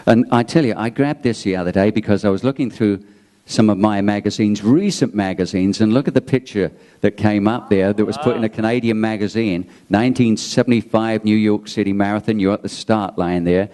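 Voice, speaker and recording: Mellow low-voiced male interviewer. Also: a little fast. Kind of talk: conversational interview.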